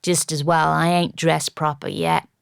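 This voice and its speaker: A gruff, insolent butler who grunts out short, blunt lines, as a woman narrator puts him on. His voice sits low and gravelly, dry and close to the mic. He is a cheeky ruffian in an audiobook. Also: flat delivery, unhurried, no echo, heavily acted.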